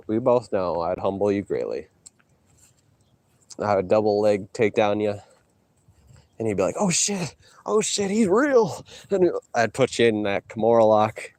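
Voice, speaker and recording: A man streaming from an outdoor hike, trash-talking his chat in a boastful, mocking way with loud teasing outbursts. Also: lowish voice, moderate pace, long pauses, dry recording. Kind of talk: casual trash talk to chat while hiking.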